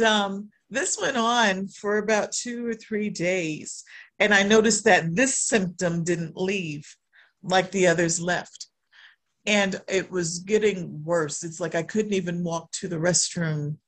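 A woman shares a personal testimony in sermon style. She tells the story in an animated way and leans on repeated refrains to drive her points home. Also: fairly low pitch.

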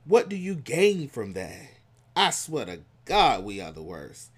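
A man giving casual reaction commentary in a slangy, animated way, swinging between loud outbursts and hushed asides. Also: mid-range voice, a little slow, slightly rough. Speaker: commentary vlogger.

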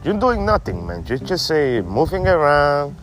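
A man voicing an excitable rambling stoner buddy who tags "man" onto almost every phrase, talking outdoors in a backyard. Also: on the high side, normal speed, soft background music, pitched above the performer's own voice. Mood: badgering.

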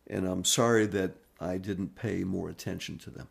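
A man voicing a young father who has just lost his wife, speaking softly and apologetically. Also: low voice, steady tone, moderate pace, gravelly, husky, exaggerated voice. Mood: grieving. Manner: soft, apologetic, subdued. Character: grieving young father, newly widowed.

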